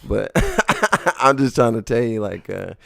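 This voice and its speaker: Brief: male podcast guest, rambling casual talk, gravelly, dry close sound. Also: medium pitch, big pitch swings, takes it slowly, fairly bright tone, no room sound. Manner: laid-back, rambling.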